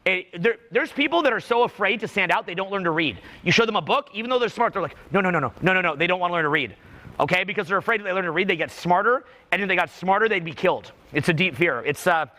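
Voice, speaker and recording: High bright-voiced energetic speaking coach. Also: male voice, fast. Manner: commanding, energetic, urging. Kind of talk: live coaching workshop.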